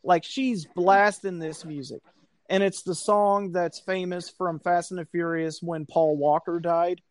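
A man tells a story in casual chat, his voice sitting a little high for a man. He is animated and profane, and he acts out the people he quotes. The sound is dry and close. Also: unhurried, dry recording. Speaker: podcast co-host telling a story.

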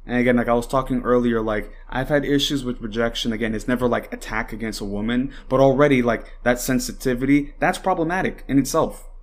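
A man's voice: mid-range voice, fast talker, hardly any pauses. Heated rambling young man ranting. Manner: heated and rambling, swears often, many fillers; mocks opponents in put-on voices. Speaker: podcast host. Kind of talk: casual political commentary.

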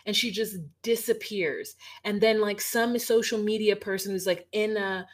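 A woman's voice: medium pitch, fairly even intonation, moderate pace. A woman co-hosting a podcast, telling the story in a rambling, frank way with casual swearing. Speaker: podcast co-host. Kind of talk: casual recap chat.

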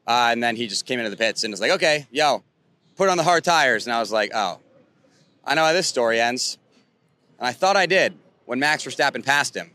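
Excitable man recapping a race outdoors. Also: mid-range voice. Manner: excitable, animated fan talk. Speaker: host. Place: outdoors at a racetrack.

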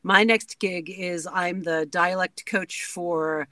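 A woman's voice: lowish voice, fairly even intonation, takes it slowly, pushed and bright, no echo. A woman who works as a dialect coach, chatting animatedly as a guest. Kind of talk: casual conversation.

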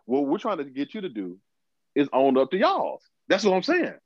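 A man's voice: a little high, huge pitch swings, moderate pace, vocal fry, dry recording, lo-fi sound. A man co-hosting a podcast, emphatic and repeating himself to press his point in casual chat. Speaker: podcast co-host.

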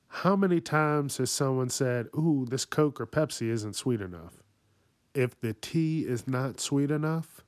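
Dude ranting on his podcast, cussing nonstop and cracking himself up, slow drawn out delivery. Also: medium pitch, no echo, clean studio sound. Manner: swears constantly, riffs and laughs at his own jokes. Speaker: podcast host. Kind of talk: profane comedic rant.

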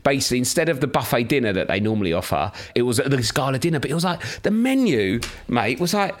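A man's voice: medium pitch, fast. An English man co-hosting a casual chat podcast, telling stories with laughter and swearing. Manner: animated storyteller, swears, laughs often. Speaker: podcast co-host.

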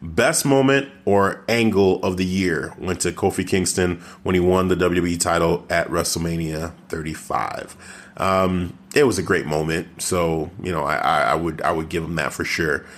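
A man co-hosting a casual wrestling podcast, talking with animated outrage and frequent stammered restarts. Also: deep voice, normal speed. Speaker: podcast co-host.

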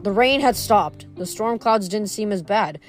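A woman reading a novel aloud, steady but with small slips and restarts. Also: mid-range voice, unhurried, soft background music. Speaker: book reader.

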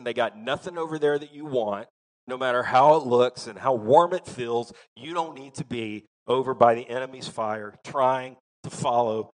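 Southern pastor guy preaching, folksy, gets loud then drops real quiet, mid pitch. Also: low-quality recording. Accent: Southern American. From American South. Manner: folksy, emphatic preaching with rising bursts and quiet asides. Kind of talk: sermon.

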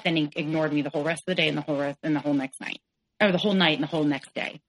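Low-voiced woman telling her story frankly. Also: steady tone, low-quality recording. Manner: frank, halting, with many "like"s and self-corrections. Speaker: podcast guest. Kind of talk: candid personal storytelling.

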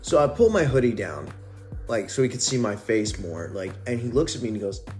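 A man's voice: medium pitch, lively intonation, a little fast, darkish tone, faint music behind. A man telling a personal story in a casual, rambling, profane way, as podcast host.

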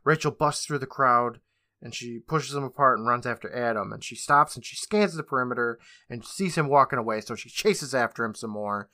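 Brief: male podcast host retelling a show with sarcastic, swearing asides; bright tone. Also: medium pitch, a little fast, no room sound. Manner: loose, profane, sarcastic retelling. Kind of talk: casual episode recap.

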